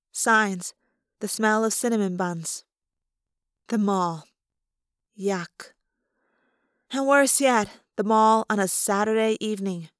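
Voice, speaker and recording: An audiobook reader, a woman, narrates a first-person novel chapter by chapter in a steady, expressive way. Her pitch is an ordinary middle, and the close, dry recording has no room sound and no echo.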